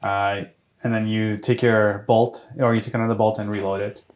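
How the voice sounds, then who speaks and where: A man's voice: on the low side, little pitch movement. A man running a tabletop game as game master, losing his voice and talking with many restarts. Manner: halting, full of restarts and fillers. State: losing his voice, clearing his throat.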